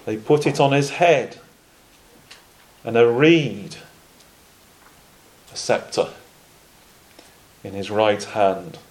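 Slow, measured male preacher. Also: on the low side, expressive, rough recording. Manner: measured, with frequent pauses and restarts. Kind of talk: sermon.

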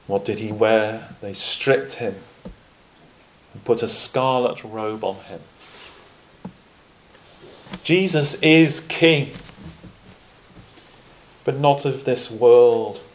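A man preaching a sermon in a measured way, pausing often and restarting phrases. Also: mid-range voice, a little hiss or hum, rough recording. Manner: measured, with frequent pauses and restarts.

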